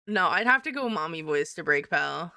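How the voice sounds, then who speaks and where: Brief: chatty woman streamer, giggly and offhand, gravelly fry, dry close-miked sound. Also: low voice, animated, normal speed, bright, forceful tone, no echo. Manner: chatty, giggly, reacting to chat. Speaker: livestream host. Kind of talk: casual livestream chat.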